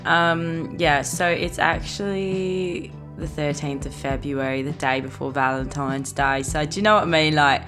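A woman's voice: low-pitched, fairly even intonation, a little slow, few pauses, over music. A young Australian woman hosting her own podcast, rambling and giggly in a casual chat, swearing freely. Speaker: podcast host.

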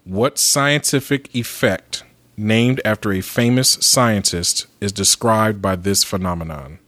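A man acting as quizmaster, reading questions aloud in a measured way and chatting between them. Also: lowish voice, fairly bright tone, no room sound.

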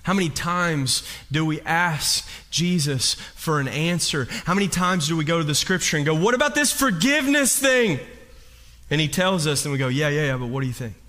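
A man's voice: fairly high pitch, moderate pace. A middle-aged man preaching a sermon, telling a story and acting out what people said. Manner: animated storytelling, acts out quotes with voice shifts. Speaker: pastor.

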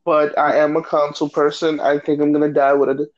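An American man hosts a loose, joking chat about video games. His voice sits a bit high for a man and carries an upbeat, teasing energy despite the late hour. The audio is dull and lo-fi. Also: flat delivery, brisk. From United States. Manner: joking, hyped, tired late-night banter. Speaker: podcast host. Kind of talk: casual gaming chat.

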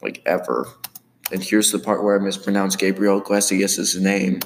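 A man casually commenting on his own animated series, rambling with many fillers. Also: low-pitched, moderate pace, slight background noise.

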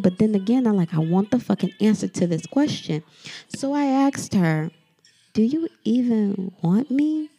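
On her own podcast, a woman vents in a heated, profane solo monologue aimed straight at her listeners. Her mid-range voice has vocal fry and a dark tone.

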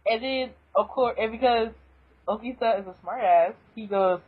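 A woman's voice: a little high, moderate pace, breathy edge, narrow, tinny audio. A woman co-hosting a podcast, recapping a manga chapter in a giggly, enthusiastic casual way. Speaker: podcast co-host.

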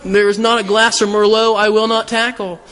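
Middle-aged male pastor, bright voice, stammering restarts, church hall echo. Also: sits high, little pitch movement, slight background noise. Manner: halting, self-deprecating, storytelling with repeated restarts. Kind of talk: sermon. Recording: long hall reverb.

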